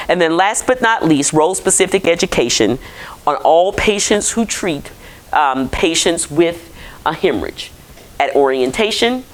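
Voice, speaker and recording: A woman's voice: deep voice, poor audio. A woman physician giving a conversational conference lecture and putting questions to the audience. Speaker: physician presenting to clinicians.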